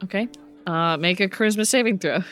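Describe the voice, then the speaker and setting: A woman's voice: medium pitch, a little fast, fairly bright tone, faint music behind. A woman narrating as game master, laid-back and teasing, with light laughs.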